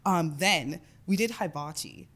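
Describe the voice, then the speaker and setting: Her voice lowish and her pace measured, the woman in her twenties tells a long story while co-hosting a podcast, with crowd noise in the background. She chats casually, swears often, and says "like" a lot.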